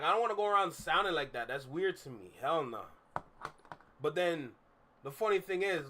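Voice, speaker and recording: A man's voice: on the high side, sharp tone. A young man streaming from his room, chatting candidly and rambling with fillers as he reacts to music. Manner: candid, rambling, repeats himself with frequent fillers. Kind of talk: casual live-stream chat.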